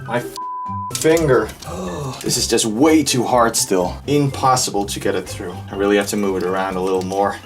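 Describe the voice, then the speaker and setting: A man's voice: fairly low pitch, normal speed. Man muttering through a fiddly repair job. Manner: muttering and sighing while straining at a task. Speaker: vlogger restoring a helmet. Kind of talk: hands-on restoration commentary. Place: hot room indoors. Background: background music.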